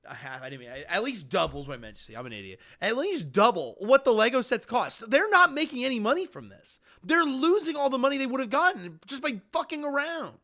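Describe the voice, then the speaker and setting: A young man giving casual reaction commentary to a video, excitable and swearing. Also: very high-pitched. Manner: excitable, swearing, breaking into loud outbursts.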